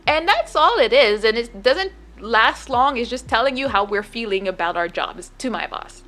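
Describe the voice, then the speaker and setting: A young woman streamer tells a story casually and chattily, looping back with fillers and restarts. Her high voice swoops up and down, expressive, bright and sharp, at a moderate pace.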